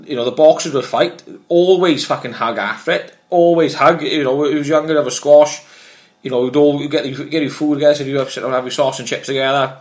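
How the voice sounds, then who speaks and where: A man and former amateur boxer, telling animated, swear-filled anecdotes in casual chat. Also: fairly high pitch, brisk.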